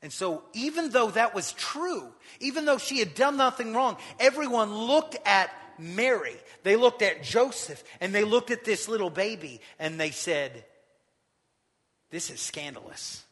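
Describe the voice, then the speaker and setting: A man preaching a sermon, retelling scripture with lively acted-out quotes. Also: sits high, unhurried, few pauses, husky, big-room sound. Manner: animated storytelling, acting out quotes. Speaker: pastor.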